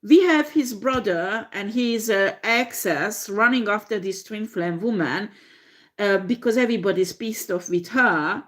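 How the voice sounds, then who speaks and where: Woman tarot reader, slow deliberate pace, salty and laughing, lots of filler words. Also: mid-range voice. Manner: profane, laughing, animated storytelling with frequent fillers. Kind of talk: tarot reading monologue.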